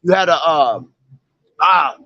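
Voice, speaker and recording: A man street preaching, reading scripture verses slowly and explaining them, checking in with repeated "okay?" and "all right?". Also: a little high, animated, pushed and bright, no room sound, dull audio.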